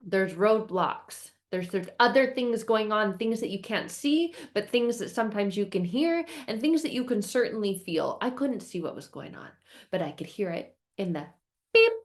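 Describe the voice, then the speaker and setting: A woman's voice: medium pitch, lively intonation, moderate pace. A woman hosting a casual self-help vlog, telling a story expressively, acting out her frustration in quoted outbursts and repeating phrases in rhythmic lists. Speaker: self-help video host.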